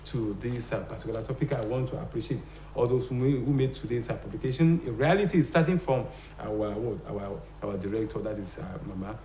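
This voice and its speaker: A man's voice: lowish voice, fairly even intonation, fairly quick, mellow, reverberant, slight background noise. A man teaching phonology on a live TV show, hesitating often and asking rhetorical questions. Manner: hesitant, many fillers, rhetorical "what?" questions. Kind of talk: live broadcast lesson. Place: TV studio.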